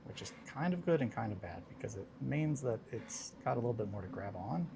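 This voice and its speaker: A man's voice: medium pitch, lively intonation, brisk, gravelly, background noise. A man hosting a casual hobby livestream, talking to himself and coaxing tiny parts into place as he builds miniatures. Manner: mutters and coaxes at fiddly parts, self-talking.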